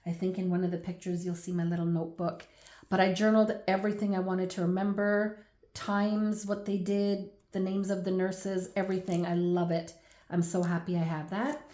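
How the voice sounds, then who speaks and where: A woman in her forties, the host of a scrapbooking channel, chatting through a baby album at home with laughs and animated asides. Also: medium pitch, normal speed, echoey room. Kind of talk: casual chatty album walkthrough.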